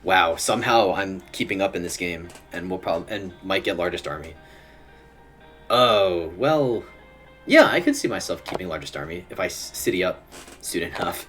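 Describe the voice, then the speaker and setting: A man's voice: low-pitched, lively intonation, normal speed, a bit bright. A young man streaming, giving casual commentary while he plays, muttering to himself and chuckling often. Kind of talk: casual live gameplay commentary. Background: faint music.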